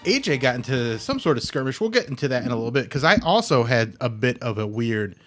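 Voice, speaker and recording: A young man hosting a casual comedy podcast, telling a story with lively voiced-out dialogue. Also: mid-range voice, fast, soft background music. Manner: animated storyteller acting out both sides of a dialogue. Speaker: podcast host.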